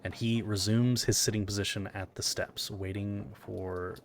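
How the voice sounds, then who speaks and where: A man's voice: lowish voice, moderate pace. A man narrating and explaining the rules as the game master of a tabletop role-playing game. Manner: relaxed, explanatory narration with chuckles. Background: music.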